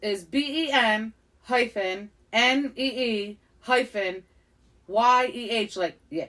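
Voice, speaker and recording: Woman podcast host, playful and giggly, slow easy delivery, bright higher-pitched voice. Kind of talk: casual podcast chat.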